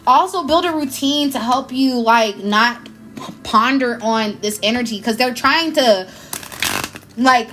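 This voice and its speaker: High-pitched woman doing a live card reading, effusive and slangy. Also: a bit bright, slight background noise. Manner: emotional, effusive, casual slang. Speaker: tarot reader.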